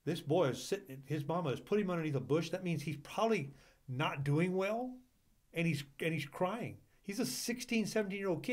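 A man co-hosting a Bible discussion, fervent, rising into impassioned preaching with repeated rhetorical questions. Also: a little high. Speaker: church Bible study co-host.

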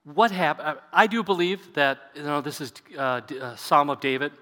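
A man's voice: fairly high pitch, moderate pace, bright, forceful tone. A man preaching to a seated congregation as their pastor, talking in a conversational way and leading them in prayer. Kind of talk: sermon. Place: church sanctuary. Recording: echoey church hall.

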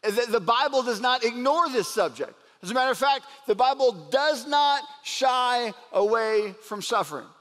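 A male pastor delivers an earnest sermon and slows down to let key points land. His voice sits unusually high for a man. It rings with the long reverb of a large hall. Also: lively intonation, a bit bright. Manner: earnest preaching, slows down for emphasis.

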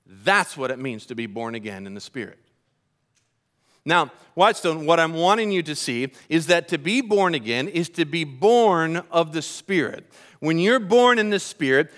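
A man preaching a church sermon in an animated way, slowing down to stress key points. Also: on the high side. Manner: animated preaching, slows for emphasis. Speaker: pastor. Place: church service.

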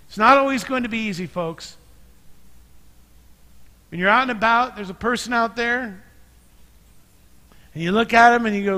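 A man's voice: very high voice, moderate pace, long pauses, sharp tone, big-room sound. A man preaching a sermon as pastor, talking conversationally and joking as he tells stories. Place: church sanctuary.

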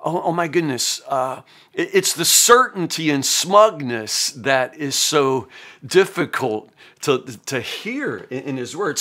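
A man talks through an old text in a loose, chatty Bible commentary. His voice is bright and forceful and sits a bit high for a man. He repeats words and restarts sentences, using plenty of fillers as he goes. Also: animated, a little slow. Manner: conversational, many fillers and stammered restarts. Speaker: podcast host, Bible teacher. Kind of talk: casual Bible reading commentary.

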